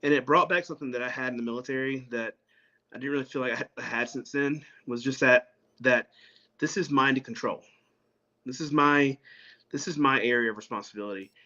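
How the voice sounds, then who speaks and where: A man's voice: mid-range voice, a little fast, bright, forceful tone, dull audio. A man, a guest on an interview show, talking in a casual way with many fillers and restarts. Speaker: guest, pastor and umpire.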